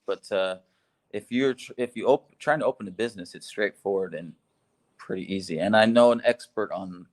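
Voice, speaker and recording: A man co-hosting a casual conversation, upbeat and enthusiastic, laughing easily. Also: lowish voice. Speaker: co-host, expat living in Laos.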